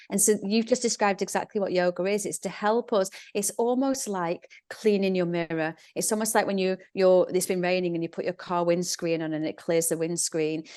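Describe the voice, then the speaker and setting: A woman's voice: medium pitch, darkish tone. A middle-aged woman, a podcast guest who teaches yoga, telling stories animatedly and acting out inner voices. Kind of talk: conversational podcast interview.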